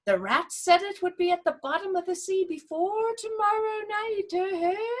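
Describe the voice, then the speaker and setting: A woman voicing a wise, cautious owl in a storybook reading, whispering her advice in a hushed, urgent voice. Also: very high-pitched, big pitch swings, extremely slow, pitched above the performer's own voice, exaggerated voice.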